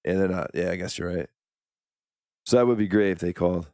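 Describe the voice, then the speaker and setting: Low-voiced podcast co-host chiming in. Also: male voice, fairly even intonation, warm tone, no echo, studio quality. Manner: chiming in with quick questions. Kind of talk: casual chat.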